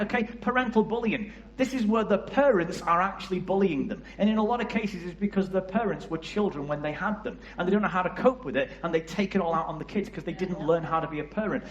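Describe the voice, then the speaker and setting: A man's voice: high-pitched, quick pace, few pauses, reverberant, highs cut off. A man with a Liverpool area English accent giving a passionate church talk about youth work, often asking the audience questions. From England. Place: church hall.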